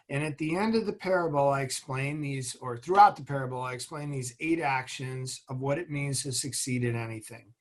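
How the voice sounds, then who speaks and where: Middle-aged male guest, earnest, motivational storyteller, even mid-range pitch. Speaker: guest, former military officer and executive. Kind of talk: interview conversation.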